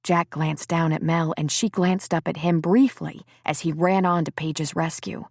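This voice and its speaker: A woman narrating a novel in a steady, measured audiobook reading. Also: deep voice, no room sound, clean studio sound. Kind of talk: scripted narration.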